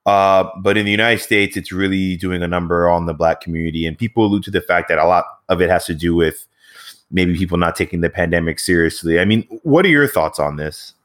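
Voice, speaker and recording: A man interviewing a guest in a relaxed, rambling way with many fillers. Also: sits low, brisk. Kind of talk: conversational interview.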